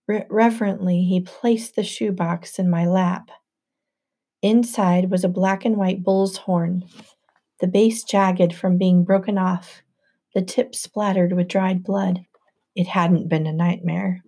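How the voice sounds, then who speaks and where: A woman narrating a novel aloud in the first person with an even storytelling delivery. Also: on the low side, slow. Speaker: audiobook narrator.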